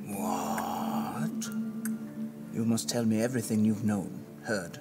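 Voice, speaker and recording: A woman's voice: extremely low pitch, takes it slowly, voice pushed down. A woman voicing a tall, earnest older man on a quest, speaking stiffly and formally over background music. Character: tall older male seeker, earnest and stern.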